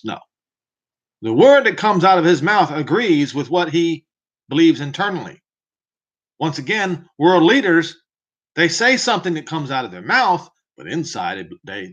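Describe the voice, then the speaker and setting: A man's voice: on the high side, sing-song, normal speed, fairly bright tone, muffled recording. A man teaching scripture in a preaching manner, emphatic and fond of rhetorical questions to the listener. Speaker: Bible teacher. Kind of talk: preaching Bible commentary.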